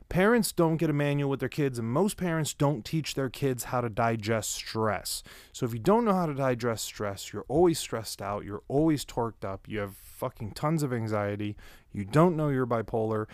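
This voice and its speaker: A man's voice: mid-range voice, darkish tone, dry recording, studio quality. A man telling rambling personal stories in a casual way, swearing often. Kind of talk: casual storytelling.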